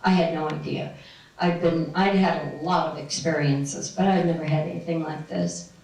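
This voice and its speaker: A woman's voice: deep voice, steady tone, moderate pace, vocal fry, darkish tone, slight background noise. A middle-aged woman telling a personal spiritual story to a live audience, meandering and laughing often. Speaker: spiritual speaker. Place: room with an audience. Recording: very echoey room, distant mic.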